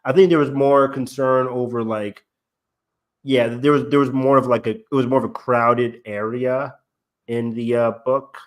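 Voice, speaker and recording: A man's voice: medium pitch, fairly even intonation, normal speed. A young man co-hosting a casual review chat, rambling with lots of fillers and acting out lines he quotes. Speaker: podcast co-host.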